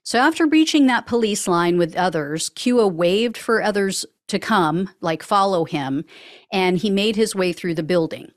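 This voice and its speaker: Podcast host, female, medium pitch, dry close mic, dry wit while recounting a case. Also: lively intonation, measured pace, no room sound. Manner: wry, sarcastic asides. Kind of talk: news commentary reading quotes.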